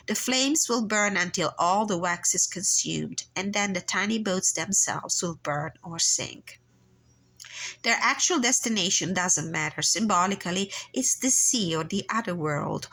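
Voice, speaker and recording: A woman with a stuffy, nasal voice from blocked sinuses, calmly doing a personal tarot reading and reading passages aloud from a guidebook, with many pauses and fillers. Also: medium pitch, vocal fry, rough recording. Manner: calm, reflective, unhurried with frequent fillers. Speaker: tarot reader and channel host.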